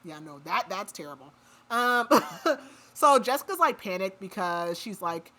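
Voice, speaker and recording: A woman's expressive, mid-range voice carries a sharp tone at normal speed as she recaps a book plot for a podcast. The talk is casual and chatty, peppered with "like" fillers.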